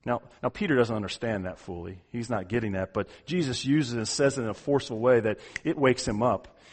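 A man's voice: mid-range voice, fairly quick, husky. A man preaching an expository sermon, emphatic and given to repeating words as he drives home a point. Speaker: pastor.

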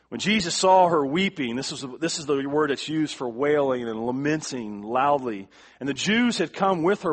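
A male pastor delivering a sermon, emphatic, repeating words for stress and swinging from quiet to forceful. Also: fairly high pitch.

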